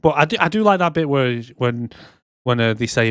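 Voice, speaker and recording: A man co-hosting a casual movie review podcast, sarcastic and quick to swear as he acts out scenes. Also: mid-range voice, lively intonation, a bit bright, smooth, no echo, studio quality. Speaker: podcast co-host.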